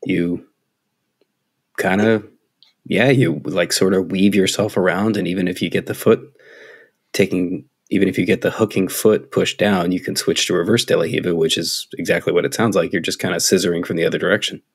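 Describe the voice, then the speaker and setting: A man co-hosting a casual podcast, rambling through a recap with halting restarts. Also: low-pitched, fairly even intonation, gravelly, slightly rough. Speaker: podcast co-host.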